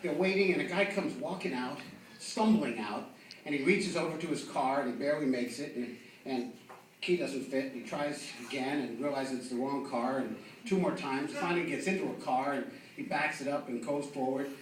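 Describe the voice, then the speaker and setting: A man's voice: mid-range voice, moderate pace. A man doing stand-up, telling cop stories with lots of fillers and restarts. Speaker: stand-up comic. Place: comedy club stage. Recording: echoey club from a distant mic with faint noise.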